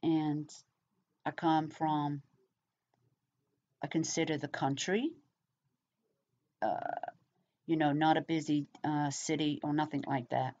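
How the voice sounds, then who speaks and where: Chatty English woman, low voice. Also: fairly even intonation, slow, long pauses, darkish tone. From England. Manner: rambling, chatty, many fillers. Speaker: vlogger. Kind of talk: casual chat to camera. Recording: dull lo-fi sound.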